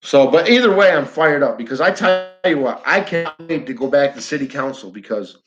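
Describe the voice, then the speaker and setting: A man's voice: mid-range voice, expressive, a little fast, muffled recording, music in the background. A man with a New York accent ranting bluntly on a livestream, repeating himself and talking straight to his viewers. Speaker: flat earth livestreamer. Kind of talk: fired-up livestream rant.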